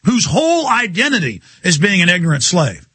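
A man hosting a talk radio show, ranting in a heated, mocking, combative way and swinging his pitch for effect. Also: huge pitch swings, a little fast, pushed and bright, breathy edge, dry recording. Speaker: radio host. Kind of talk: heated on-air rant.

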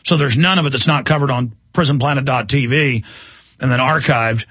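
A man in middle age rants on his talk radio show, his voice bright and edgy with a husky grain. He fires off heated, insulting tirades at his audience, pitched a bit high, recorded dry and close in a studio. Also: a little fast, no echo. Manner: combative, insulting, heated ranting. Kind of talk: ranting talk radio monologue. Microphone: studio microphone.

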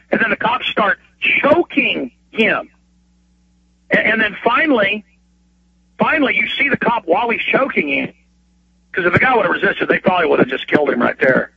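A male radio host calls in and rants, his voice high and husky. He tumbles over his words, repeating himself and flaring into outrage. The phone line leaves the sound dull and thin. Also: expressive. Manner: fast, repetitive, stammering restarts, rising to bursts of outrage. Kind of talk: heated talk radio rant.

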